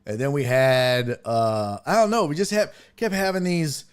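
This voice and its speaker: A man's voice: medium pitch, normal speed, smooth. A man hosting a sports podcast, telling a rambling, profane story in casual chat. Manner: rambling, profane storytelling with animated quoted asides.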